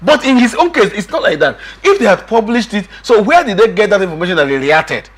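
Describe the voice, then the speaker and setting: Man, middle-aged, husky, high voice, very lively pitch, emphatic talk-show guest. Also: brisk. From Nigeria. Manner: emphatic, repeats himself, quotes others in raised voice. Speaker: political guest. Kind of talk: animated political discussion.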